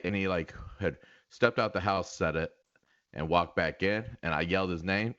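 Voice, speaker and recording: A man's voice: sits low, fairly quick, no echo, dull audio. A man co-hosting a casual podcast, telling stories with lots of laughter and repeated words. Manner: animated storyteller, laughs often, repeats himself. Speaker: podcast co-host. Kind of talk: casual chat.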